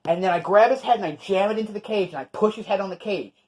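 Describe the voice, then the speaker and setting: A man's voice: sits high, quick pace. A man with a New York accent, co-hosting a podcast and telling brash, profane wrestling stories in a casual chat. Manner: brash, profane, animated storytelling.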